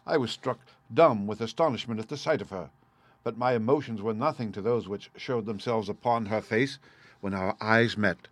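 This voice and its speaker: A man narrating a story in the first person, measured and earnest, in a dry close recording. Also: lowish voice, dry recording. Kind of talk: scripted audiobook narration.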